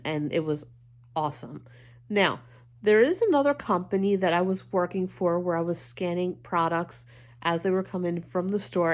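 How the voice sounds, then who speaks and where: Chatty, animated woman vlogger. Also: lowish voice. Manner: chatty, animated storytelling with quoted voices. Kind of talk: casual chat.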